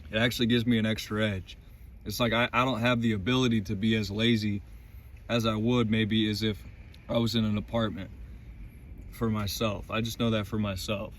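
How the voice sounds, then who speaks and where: A man's voice: fairly low pitch, level tone, moderate pace. A man vlogging from inside his van in the mountains, giving casual motivational faith talk in an intense, emphatic way and swearing freely.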